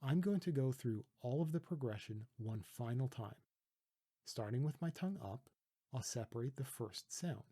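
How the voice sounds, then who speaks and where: A Canadian man from Toronto calmly teaching letter sounds, patiently demonstrating pronunciation with a close mic. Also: medium pitch, husky. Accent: Canadian English. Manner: calm, patient, deliberate demonstrating. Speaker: language teacher. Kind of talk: pronunciation tutorial.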